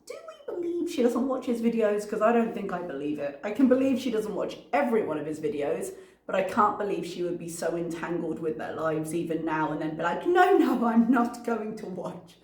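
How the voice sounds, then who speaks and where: A woman with a lowish voice talks through her reaction commentary, weighing each point and pausing on ums as she checks her notes. She sounds roomy, with the echo of a live room around her. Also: expressive. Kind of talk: casual commentary.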